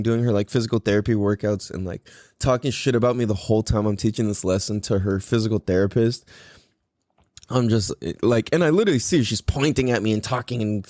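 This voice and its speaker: A man in his thirties, a podcast host, telling a story in casual chat, animated and profane, laughing often. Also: mid-range voice, dry recording, studio quality.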